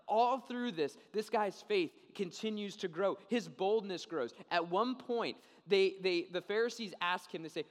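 A young man preaching a sermon, telling a story in a casual, animated way and often checking in with "okay?". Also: high-pitched, a little slow, few pauses. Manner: animated storytelling, acts out quoted voices. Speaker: pastor. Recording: long reverb of a large hall.

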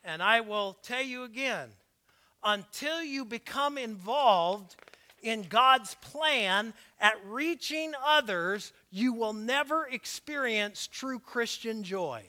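High-voiced, bright-toned preaching pastor. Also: male voice, lively intonation, takes it slowly. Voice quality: slight lisp from dental aligners. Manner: emphatic preaching, rising to shouts on key points; breaks into laughter and asides. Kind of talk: sermon. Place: church sanctuary, also live-streamed.

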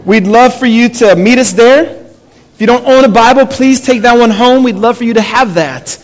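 Male pastor, high-pitched, sermon delivery in a church; slow scripture reading with hushed drops. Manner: reads slowly, dropping to a hushed, low delivery at key lines; invites the congregation to read aloud with him. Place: church sanctuary.

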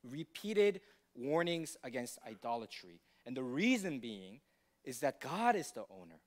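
A man's voice: medium pitch, very animated, measured pace. A male pastor preaching a sermon in a teacherly way, often checking in with the congregation with questions. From United States.

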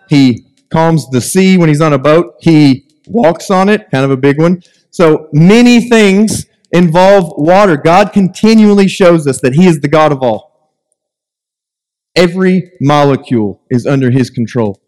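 A man preaching a sermon as a pastor, animated, with joking asides and mock voices of complainers. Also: a little high, moderate pace. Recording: long hall reverb.

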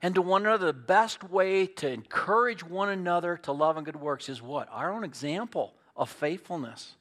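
A middle-aged man preaching a sermon as pastor, folksy and storytelling, moving between loud emphatic points and quiet earnest asides. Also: high voice, moderate pace.

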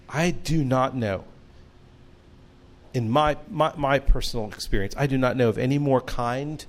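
Male pastor, measured unhurried sermon delivery, earnest storyteller with light humor. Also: mid-range voice.

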